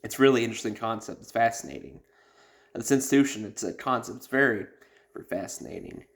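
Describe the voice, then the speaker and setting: A man's voice: medium pitch, fast talker. Blunt, profane man talking casually. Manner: blunt, profane, rambling with many fillers. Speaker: podcast host. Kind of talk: casual advice talk.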